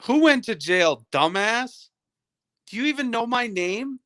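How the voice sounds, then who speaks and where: Profane ranting man, high voice. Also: animated, a little slow, sharp tone, dry recording, clean studio sound. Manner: profane, combative, taunting a viewer. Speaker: livestreamer. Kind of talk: ranting livestream chat.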